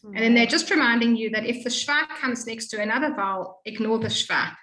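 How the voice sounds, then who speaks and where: Bright-voiced woman teaching Hebrew reading. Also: fairly high pitch, roomy sound, low-quality recording. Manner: explains patiently, models sounds slowly. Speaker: Hebrew tutor. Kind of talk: one-on-one reading lesson.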